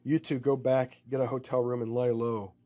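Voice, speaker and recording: A man voicing a gruff older bounty hunter who talks slowly and evenly. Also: medium pitch, little pitch movement, warm tone, lightly acted.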